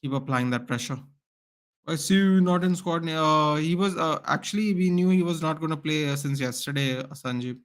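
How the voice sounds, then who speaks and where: A man's voice: a little high, moderate pace. A man hosting a live football watchalong, calling the play as a partisan fan and chatting with viewers. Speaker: watchalong host.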